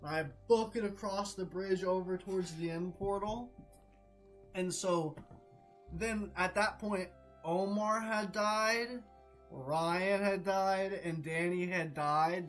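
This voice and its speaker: A young male streamer retelling a multiplayer game mishap in an animated, laughing way, swearing constantly. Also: fairly high pitch, poor audio. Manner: excitable, swears constantly, laughs between lines. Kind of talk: animated gaming story retelling.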